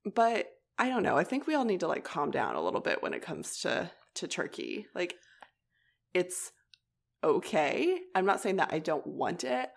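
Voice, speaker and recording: A young woman co-hosting a casual chat podcast, animated and laughing often, peppering her talk with "like". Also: fairly low pitch, normal speed, gravelly. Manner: animated, laughing, heavy use of "like". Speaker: podcast co-host.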